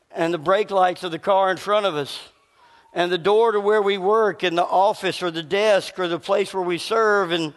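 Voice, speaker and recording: High-voiced pastor, scratchy throat. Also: male voice, in a large hall. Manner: conversational preaching with a slight rasp, pauses to cough. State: scratchy voice needing a cough drop. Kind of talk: sermon. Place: church sanctuary with long reverb.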